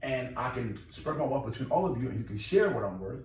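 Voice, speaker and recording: A man who owns and runs a boxing gym, talking casually in a podcast interview, emphatic and animated with many repeated restarts. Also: mid-range voice, fast. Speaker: boxing gym owner and trainer. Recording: echoey room, distant mic, faint noise.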